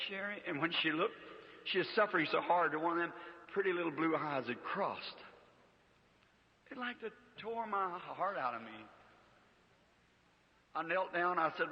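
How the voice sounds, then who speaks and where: A man's voice: high voice, expressive, normal speed, long pauses. A man, preaching a sermon as an emotional story, pleading and acting out the prayers he recounts. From United States. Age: 50s. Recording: dull old church recording with long reverb.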